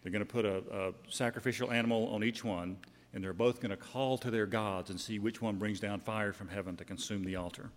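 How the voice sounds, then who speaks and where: A man's voice: lowish voice, fairly even intonation, brisk. A man preaching a sermon, retelling a scripture story in a conversational way with fillers and self-corrections. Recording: long hall reverb.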